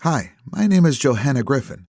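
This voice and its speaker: A man's voice: medium pitch, expressive, darkish tone, no room sound, clean studio sound. A man voicing a blunt Midwestern woman police chief. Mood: brisk. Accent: slight Midwestern. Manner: brisk, needling, sarcastic.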